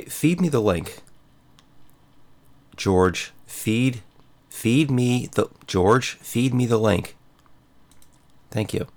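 A man's voice: medium pitch, a bit bright. A man hosting his own show, delivering an indignant, opinionated monologue and repeating himself as he rants. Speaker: show host.

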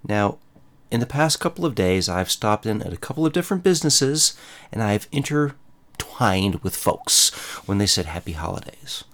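A man's voice: fairly low pitch, big pitch swings, normal speed, fairly bright tone. A man hosting his own show, delivering an indignant, opinionated monologue and repeating himself as he rants. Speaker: show host.

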